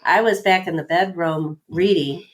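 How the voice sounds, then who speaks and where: Neighbor woman with a somewhat low voice, relaxed and conversational, brisk delivery. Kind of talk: casual chat.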